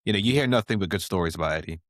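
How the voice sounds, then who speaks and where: A man's voice: low voice, lively intonation, racing, no room sound, clean studio sound. A man hosting an interview, asking rambling, friendly questions in a casual way. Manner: asks rambling friendly questions full of fillers. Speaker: interview host.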